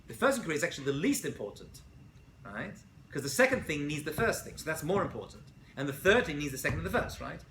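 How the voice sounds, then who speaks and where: A man, a rabbi, giving a casual classroom lecture to students, animated and often checking in with "right?". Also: on the high side, fast talker, a little hiss or hum. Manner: animated, asks students questions, frequent "right?". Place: college lecture room.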